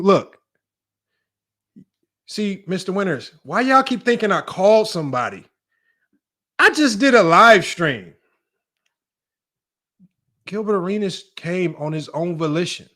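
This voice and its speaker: A man's voice: high-pitched, animated, unhurried, pauses often, bright, forceful tone. A young man hosting a sports debate livestream, riffing casually and joking as he talks straight at his viewers. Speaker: sports show host.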